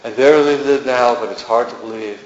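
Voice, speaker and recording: A man's voice: mid-range voice, moderate pace, a little mellow, slight background noise. A man poet giving a sing-song reading of rhyming verse at a gallery. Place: art gallery. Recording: roomy, dull gallery recording.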